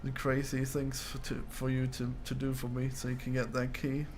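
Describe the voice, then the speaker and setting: Male streamer, mid pitch, casual and profane, laughs a lot, faint noise in the mix. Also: completely flat delivery, moderate pace, a little mellow. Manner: laid-back, swears, laughs often. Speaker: game developer streamer. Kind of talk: casual stream chat while gaming.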